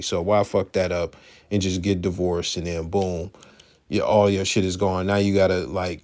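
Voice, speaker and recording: A man's voice: fairly low pitch, darkish tone. A man hosting a podcast, giving blunt, emphatic commentary in a conversational way. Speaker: podcast host. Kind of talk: casual commentary.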